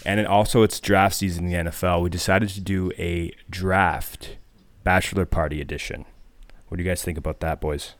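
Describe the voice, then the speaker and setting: Deep-voiced host, laughing and rambling. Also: male voice, steady tone, a little fast. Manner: laughing, rambling storyteller with many fillers. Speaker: podcast host. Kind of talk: casual sports podcast chat.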